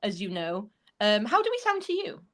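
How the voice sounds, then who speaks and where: A woman's voice: mid-range voice, wildly swooping pitch, moderate pace, fairly bright tone. Giggly Welsh woman co-hosting a podcast. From Wales. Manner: giggly, rambling, self-deprecating. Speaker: podcast co-host. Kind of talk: casual chat.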